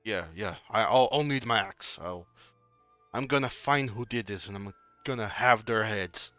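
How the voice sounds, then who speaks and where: A man's voice: fairly low pitch, normal speed, sharp tone, no echo, soft background music. A man doing a sullen young warrior. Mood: vengeful. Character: sullen, proud young male warrior with an axe.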